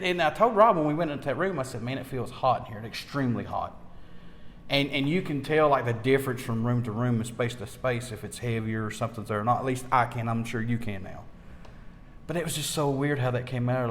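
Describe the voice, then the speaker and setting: A man tells his ghost-hunting stories with mounting excitement, tripping over repeated words. He is the interviewer in a casual chat. A long reverb trails behind his voice in the room. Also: mid-range voice, fairly quick, a little hiss or hum.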